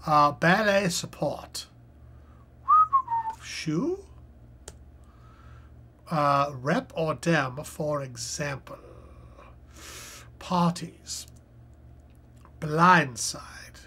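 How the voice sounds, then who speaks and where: Stream host, unhurried, husky voice; chatty think-aloud delivery. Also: medium pitch, sharp tone. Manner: chatty, thinks aloud, reads clues half to self with many fillers. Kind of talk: casual live-stream commentary while solving a crossword.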